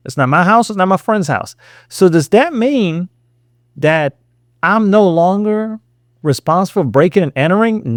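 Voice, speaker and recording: A man's voice: fairly high pitch, dry recording, studio quality. Sarcastic man lecturing his viewers. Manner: sarcastic, lecturing the viewer, acts out quotes loudly. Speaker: reaction commentator. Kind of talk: reaction commentary.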